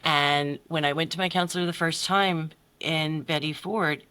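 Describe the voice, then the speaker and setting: Podcast guest, woman, middle-aged, candid and blunt, bright forceful tone, swears, voices others. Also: low-pitched, steady tone, moderate pace, smooth. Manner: blunt, swears freely, acts out quotes with big voices. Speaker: podcast guest, life coach. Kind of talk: candid personal story in conversation.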